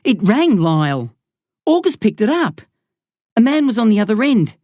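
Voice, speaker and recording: A man voicing a distraught young boy, high and strained, pleading and crying out. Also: very animated, normal speed, darkish tone, dry recording, studio quality. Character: distraught young boy, fiercely loyal and stubborn.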